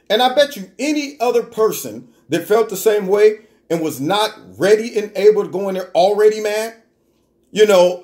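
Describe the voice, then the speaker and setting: A man delivering an animated, argumentative political commentary monologue, full of rhetorical questions. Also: high voice. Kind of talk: opinion vlog monologue.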